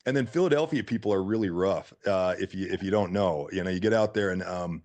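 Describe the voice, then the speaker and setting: Man, from Utah, middle-aged, very low voice, rapid talk, animated storyteller, podcast guest. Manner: animated, acts out quotes. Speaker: guest entrepreneur. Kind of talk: casual storytelling.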